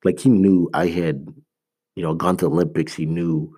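A man with a very low, husky voice gives a motivational talk in an earnest, emphatic way. He is from Canada and speaks conversationally, with lots of "like" and restarts. He repeats his key points to drive them home. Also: flat delivery, normal speed, dark tone.

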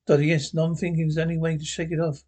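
Guy reading as a brainy time-traveling doctor, thinking out loud, bit high voice. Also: flat delivery, fast talker, lightly acted. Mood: musing. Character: brisk, clever male time-traveling doctor. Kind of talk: reading a script aloud.

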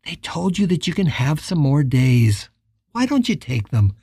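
Narrator voicing a soft, worried woman friend. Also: low-pitched, very animated, measured pace, breathy edge, dry recording, clean studio sound, heavily acted. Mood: concerned. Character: soft-spoken, concerned woman friend on the phone.

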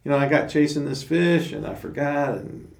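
Otter, a breezy, absent-minded critter, pitched up high and gravelly, as a male storyteller puts him on, in a roomy room with a distant mic. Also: animated, normal speed, a little mellow. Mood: carefree. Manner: easygoing, forgetful. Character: scatterbrained playful male otter.

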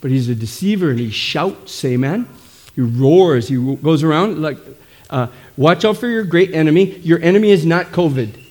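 A man's voice: a little high, lively intonation, normal speed, darkish tone. A middle-aged man preaching a sermon, emphatic and calling out "amen?" again and again. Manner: emphatic, frequent calls of "amen?". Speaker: pastor.

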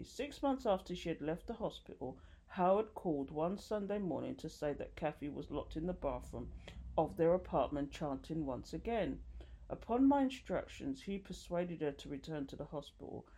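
A woman reading a nonfiction book aloud, expressive and lively, with occasional slips and restarts, lifting her voice for quoted dialogue. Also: sits low. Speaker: audiobook reader.

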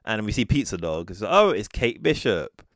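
A man's voice: fairly low pitch, very animated, moderate pace, fairly bright tone, no echo, clean studio sound. A man co-hosting a podcast, recapping a film in casual chat and acting out the characters' lines. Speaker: podcast co-host.

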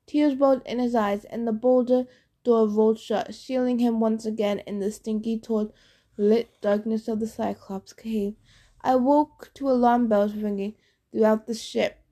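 A woman narrating an audiobook in a steady, expressive reading voice. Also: fairly high pitch.

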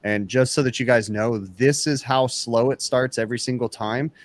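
A man's voice: medium pitch, fairly even intonation, normal speed, no echo. A man hosting a casual podcast, teasing his co-hosts in a loose, rambling way. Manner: teasing, loose, says "like" a lot. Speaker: podcast host.

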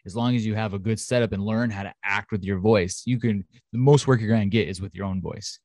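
A man with a lowish voice chats eagerly as a podcast co-host, piling on fillers as he goes. The recording is close and dry, with no room sound. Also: brisk, a little mellow, dry recording. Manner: chatty, enthusiastic, lots of fillers. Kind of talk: casual chat. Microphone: home studio mic.

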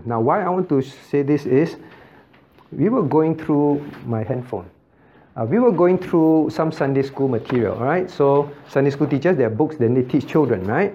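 A man's voice: fairly high pitch, lively intonation, moderate pace, warm tone, husky. A male pastor teaching a Bible study. He asks his listeners many rhetorical questions and repeats phrases for emphasis. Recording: slightly dull lo-fi recording.

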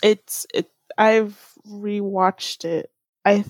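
A teenage girl chatting casually on a voice call, relaxed and teasing, laughing often. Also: mid-range voice, drawn-out words, no room sound. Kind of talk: casual chat.

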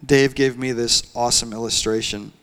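Animated conversational young male preacher. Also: mid-range voice, normal speed. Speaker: pastor. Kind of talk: sermon.

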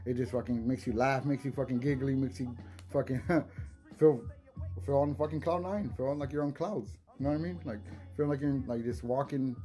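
A young man rambles through his podcast in a loose, unpolished way, swearing freely and chuckling between thoughts. His voice sits at an ordinary middle pitch, and faint music plays softly behind him. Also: moderate pace. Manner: rambling, swears a lot, laughs often, restarts words. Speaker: podcast host. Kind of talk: casual solo podcast chat.

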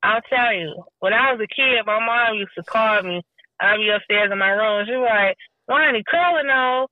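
A woman chatting casually and telling animated stories, acting out the people she quotes and swearing freely. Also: mid-range voice, normal speed, dry recording. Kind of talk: casual chat. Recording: tinny phone-like sound, dry.

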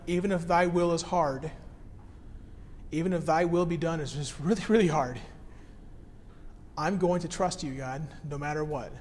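A man's voice: fairly high pitch, in a large hall. A man in his thirties, a care pastor, preaching a sermon in an easygoing way, reading scripture and then explaining it plainly.

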